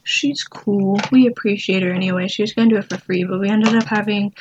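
A young woman co-hosting a casual podcast, halting and restarting, with lots of fillers. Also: mid-range voice, fairly even intonation. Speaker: podcast co-host. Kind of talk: casual chat. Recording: dull lo-fi mic, faint noise.

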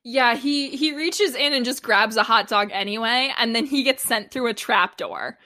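A woman with a fairly high voice chats casually on a podcast, giggling through her recap. Her talk is loose and full of fillers. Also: moderate pace, sharp tone. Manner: giggly, laughs often while recapping. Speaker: podcast co-host.

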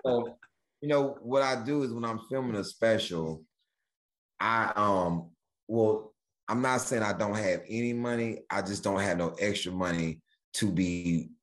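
Animated riffing male comedian. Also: lowish voice, unhurried. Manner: animated, riffing, jumps into bits. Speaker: guest comedian. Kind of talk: casual storytelling chat.

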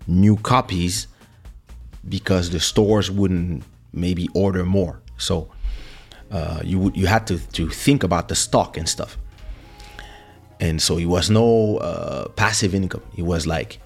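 A man hosting a podcast, telling a personal story in an animated way, with many restarts and acted quotes. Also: low voice, slightly rough. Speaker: podcast host. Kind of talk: storytelling monologue.

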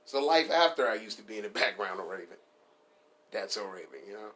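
A man's voice: on the low side, very animated, a little fast, sharp tone. A man hosting a comedy podcast, riffing in a profane, rambling, playful way. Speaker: podcast host.

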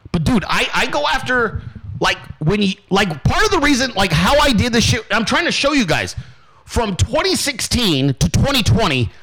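Male host, profane motivational rant, high lively voice, bright tone. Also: poor audio. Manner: brash, swearing constantly, acts out quoted voices. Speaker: podcast host.

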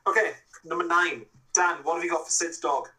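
Man running a film quiz, slightly high, bright voice, breezy and chatty. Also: steady tone, brisk, distant mic. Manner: breezy, reads out questions and scores. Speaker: quiz host. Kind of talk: casual podcast chat.

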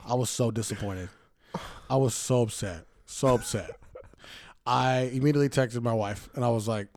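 A young man co-hosting a podcast, telling stories in a loud, animated way, swearing and laughing often. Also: medium pitch, moderate pace, no room sound. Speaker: podcast co-host. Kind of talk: casual chat.

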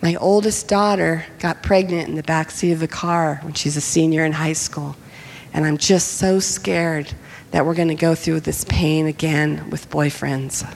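A man's voice: very high voice, expressive, moderate pace, few pauses, a bit bright, slight background noise, voice pushed up, rough recording. Give me a woman doing a worried, stiffly formal father on a call. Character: worried middle-aged father on the phone.

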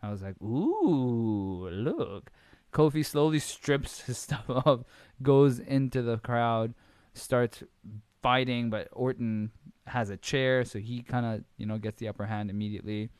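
A male podcast host giving a casual, rambling wrestling recap full of swearing, fillers and quick impressions. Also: medium pitch, fairly even intonation, smooth, no room sound.

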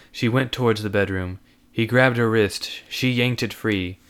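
A man narrating a story aloud in an animated reading. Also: fairly low pitch, normal speed, few pauses.

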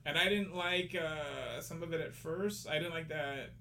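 Guy chatting on a podcast, bright tense voice, a bit higher, faint hiss behind. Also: unhurried. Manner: rambling, hesitant, many fillers and restarts. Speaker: podcast co-host. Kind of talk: casual chat.

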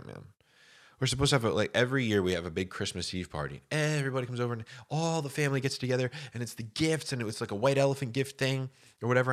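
A man with a cold rambles casually to camera, his voice very low and thickened. He strings thoughts together loosely, dropping "dude" and "bro" constantly. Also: a bit bright. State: has a cold, voice deeper than usual.

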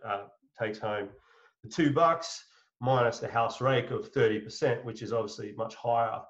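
A man's voice: on the low side, a bit bright. A man telling a long anecdote as an interview guest, rambling with many fillers and restarts and swearing casually. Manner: chuckles while telling a story. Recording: slightly muffled audio.

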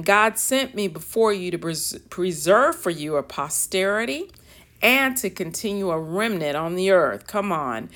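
A woman with a fairly low voice leads a relaxed Bible study. She reads passages aloud with lively emphasis and then chats through what they mean. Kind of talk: casual Bible study teaching.

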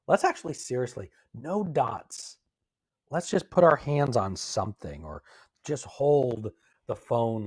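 Man, husky voice, gentle coaching tone, live stream host, phone mic. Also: mid-range voice. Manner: gentle, coaching, reads viewer comments aloud and responds.

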